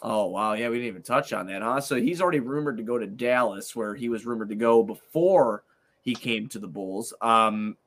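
A man's voice: mid-range voice, normal speed, fairly bright tone. A man hosting a casual sports talk show, his voice sitting in an ordinary middle range. He sounds frustrated, swears freely and keeps circling back to the same point. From Italian heritage. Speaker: sports podcast host.

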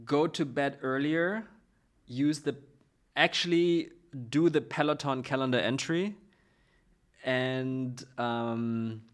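Male guest, middle-aged, mid-range pitch, halting delivery full of fillers, relaxed interview answers. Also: smooth. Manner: hesitant, many fillers and restarts. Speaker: guest, startup co-founder.

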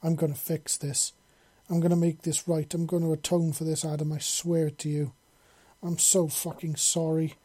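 A narrator voicing a panicked, remorseful winged woman who pleads and sobs in a raised pitch. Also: little pitch movement, normal speed, dark tone, slightly rough, lightly acted. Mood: desperate apology.

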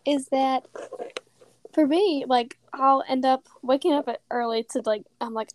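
A woman's voice: sits high, unhurried, no room sound. A young woman co-hosting a podcast in casual chat, talking with many fillers and laughing often. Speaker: podcast co-host.

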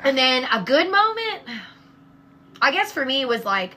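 Blunt, swearing mom storyteller. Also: female voice, high voice, very animated, unhurried, sharp tone. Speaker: podcast co-host. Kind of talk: casual chat.

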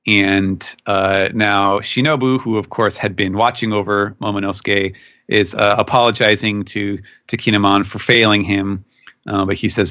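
A man on a podcast panel, recapping a comic chapter in casual chat and jumping up in pitch to act out quoted lines. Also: fairly even intonation, normal speed, pushed and bright, no room sound, studio quality.

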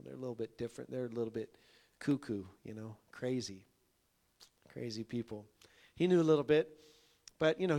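Male pastor, conversational sermon storyteller, mid-pitched, climbs to forceful emphatic lines. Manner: folksy, builds to emphatic peaks.

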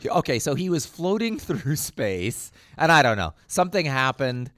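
A man's voice: mid-range voice, big pitch swings, normal speed, fairly bright tone, no echo. A man co-hosting a casual podcast chat, telling stories with a wry, dry humor and laughing often. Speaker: podcast co-host.

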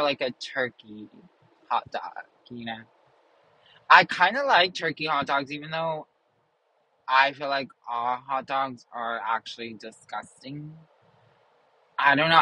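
Bright-voiced man rambling casually. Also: mid-range voice, rough recording. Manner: filler-heavy, trails off, self-mocking. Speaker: show reviewer.

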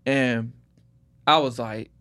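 A man's voice: medium pitch, steady tone, takes it slowly, fairly bright tone. A man in his thirties from Detroit, a podcast guest telling his story in a laid-back way with street slang. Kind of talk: casual podcast conversation.

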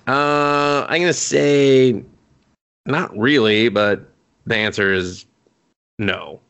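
A man co-hosting a casual podcast chat, gushing excitedly about a show and swearing freely. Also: medium pitch, slow pace, smooth. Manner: excitable, swears a lot, gushes while recapping. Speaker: podcast co-host.

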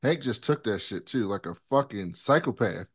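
A man's voice: on the low side, expressive, moderate pace, slightly rough. Laid-back man retelling TV scenes. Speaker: podcast co-host. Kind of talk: casual chat recapping a TV episode.

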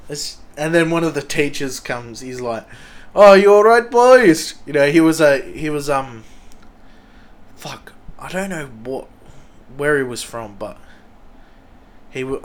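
A young Australian man with a medium-pitched voice hosts a podcast, spinning rambling, casual stories. He swears freely and loudly acts out the quotes.

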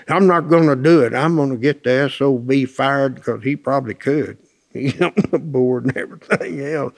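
A man telling plainspoken, colloquial anecdotes with lots of quoted dialogue, in a folksy storytelling talk. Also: a little high.

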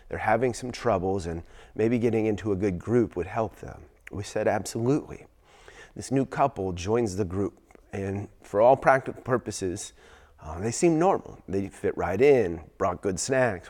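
A pastor preaching a sermon, moving from a quiet, hushed retelling of a story to emphatic, raised preaching. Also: male voice, fairly low pitch.

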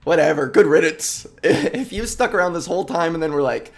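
A man's voice: a little high, animated, brisk, gravelly, few pauses. A man hosting a comedic solo podcast, rambling and self-mocking, and easily sidetracked, speaking close to his microphone. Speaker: podcast host.

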